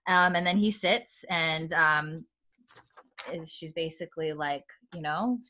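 A woman's voice: sits low, slow pace, bright, forceful tone. A woman hosting a casual chat, recapping a TV episode in a rambling way with many fillers.

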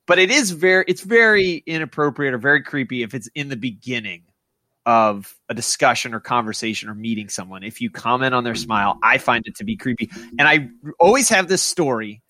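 A man's voice: mid-range voice, animated, fairly quick, sharp tone, no echo. A man co-hosting a casual podcast chat, telling a story and leading the segments with easy laughter. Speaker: podcast co-host.

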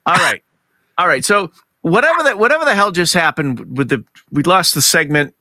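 An excitable man runs a casual podcast, his high, bright voice jumping up and down as he goes. He swears freely and speaks into a dry, close home mic. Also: fairly quick, dry recording. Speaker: podcast host. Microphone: home studio mic, remote recording.

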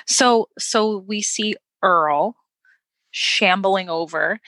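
A woman co-hosting a casual movie recap, telling the plot in an animated way and putting on mocking voices for the characters. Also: mid-range voice, drawn-out words, no room sound. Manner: animated storyteller, acts out lines in mocking voices. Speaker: podcast co-host.

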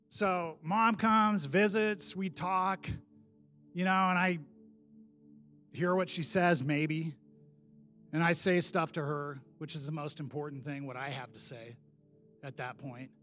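A man with a high voice tells his story from the pulpit at an unhurried, deliberate pace. He is animated and self-deprecating, jumping from loud outbursts down to quiet, hushed asides. Faint music plays underneath. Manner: self-deprecating, laughs at himself. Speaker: preacher giving a testimony. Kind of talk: personal testimony sermon.

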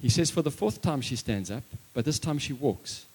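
A man preaching a sermon and telling a story, impassioned, swinging between loud emphasis and hushed lines, with chatty asides to the congregation. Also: mid-range voice, lively intonation, moderate pace, breathy edge.

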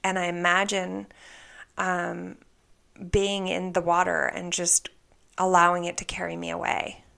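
A woman telling a personal spiritual story in an earnest, soft way, often dropping into a whisper. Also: lowish voice, completely flat delivery, a little slow, creaky. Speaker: spiritual vlogger.

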